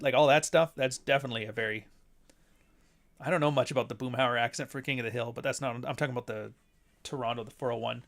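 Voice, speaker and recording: Talking fast in a mid-range voice, this man hosts a casual livestream from his home near Toronto. The host and author rambles bluntly and swears frequently.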